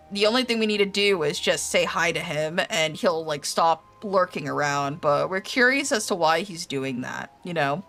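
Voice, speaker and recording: A woman's voice: fairly low pitch, vocal fry, a bit bright. Chatty young woman streamer, swearing freely. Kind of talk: casual game stream chat.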